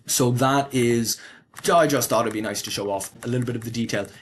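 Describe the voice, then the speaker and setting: A man of middle pitch presents a language he made himself, scrolling through his notes. He explains at an easy, unhurried rate, stopping to think aloud and fix his own wording. It sounds like a casual lesson recorded at a home desk. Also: a little hiss or hum. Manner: explanatory, thinks aloud with fillers and self-corrections. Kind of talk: casual walkthrough of a screen.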